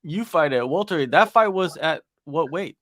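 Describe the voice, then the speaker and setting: A man's voice: fairly high pitch, lively intonation, normal speed, a bit bright, dry recording, studio quality. A man hosting an interview, casual and slangy in his questions. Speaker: interview host.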